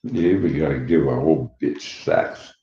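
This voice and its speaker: A man in his sixties with a gravelly voice, rambling bluntly and profanely and laughing between remarks. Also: a bass voice, measured pace, warm tone. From Canada. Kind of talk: rambling personal monologue. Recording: dull echoey room recording.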